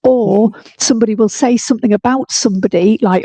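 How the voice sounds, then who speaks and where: A woman's voice: on the high side, creaky, dark tone, slightly rough, no echo. A woman, a school head, giving a blunt, earnest webinar talk over a computer mic on a video call. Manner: blunt, earnest, talks fast. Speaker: guest speaker, school head.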